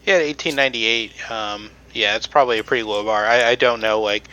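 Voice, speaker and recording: A man's voice: fairly low pitch, a little fast, sharp tone, poor audio. A man on a podcast presenting research in casual chat, with many ums and restarts.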